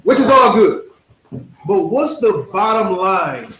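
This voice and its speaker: A man leading a casual, interactive Sabbath lesson, asking the congregation questions and talking in relaxed slang. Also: sits high, slow pace, slight background noise. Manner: conversational, asks the congregation questions, uses slang. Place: congregation hall. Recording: echoey hall.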